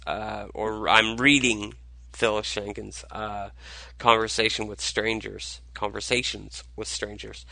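A tired man hosting a casual solo podcast, talking in a halting way with many fillers and restarts. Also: fairly low pitch, sharp tone, no room sound, poor audio. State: tired, low on energy. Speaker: podcast host.

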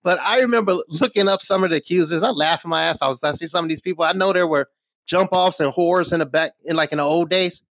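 A man's voice: on the high side, quick pace, a bit bright, no room sound. Middle-aged man on a profane rant. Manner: heated, profane, scornful rant. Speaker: small channel creator. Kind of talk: ranting commentary vlog. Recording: dull, dry lo-fi recording.

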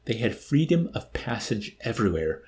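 A man reading a novel aloud in an animated way, now and then laughing and adding amused asides. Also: on the low side, moderate pace. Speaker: reader.

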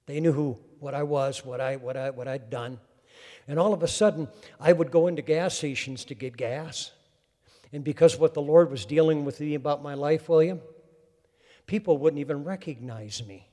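A male preacher with a notably high voice delivers a fervent sermon, calling out to his congregation. His words ring out with a long reverb trailing behind them in a hall. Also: normal speed, warm tone.

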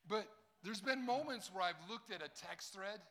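Bright-voiced preacher man. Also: high-pitched, lively intonation, moderate pace. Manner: jokey, talks straight to a young crowd. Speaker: pastor. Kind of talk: sermon.

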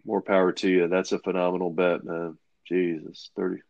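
A man's voice: low voice, level tone, moderate pace, creaky, dry recording. A man hosting a podcast, chatting casually about sports bets with loose, profane talk and plenty of fillers. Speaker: podcast host. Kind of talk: casual sports betting chat. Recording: dull lo-fi dry sound.

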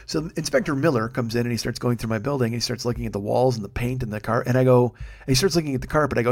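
A man's voice: medium pitch, very fast. A middle-aged man hosting a podcast, telling a rambling, profane, self-deprecating story at his own microphone. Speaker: podcast host. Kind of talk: casual storytelling monologue. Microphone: studio microphone.

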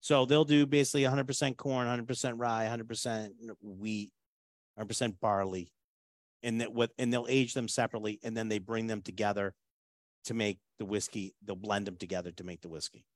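A man hosting a whiskey tasting, chatting casually and joking, often trailing off into quieter asides. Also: on the low side, steady tone, brisk, no echo.

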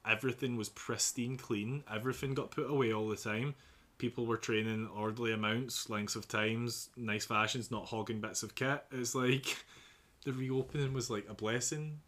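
A man's voice: medium pitch, moderate pace. A young man from England, a personal trainer, telling gym stories in casual podcast chat, acting out the dialogue and laughing often. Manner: animated storyteller, acts out dialogue, laughs often.

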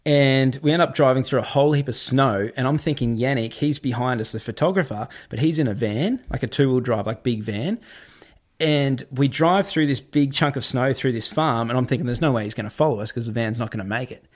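A man's voice: mid-range voice, fairly quick. Rambling young man. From Australia. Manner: rambling, lots of "like" fillers. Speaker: guest. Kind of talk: casual storytelling.

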